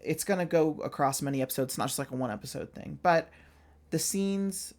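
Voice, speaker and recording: Chatty vocal-fry video essayist. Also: medium pitch, fairly quick, darkish tone. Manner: chatty and filler-heavy, with frequent "like" and "um"; blunt, with offhand swearing. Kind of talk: casual commentary monologue.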